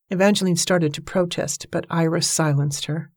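A woman narrating an audiobook novel in a measured, even storytelling manner. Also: lowish voice, slightly rough, dry recording, clean studio sound. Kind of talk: scripted narration.

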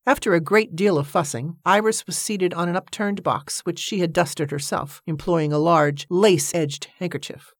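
Reading a novel aloud, this low-voiced female audiobook narrator keeps a moderate pace and barely pauses in her scripted narration. The sound is dry and studio-clean.

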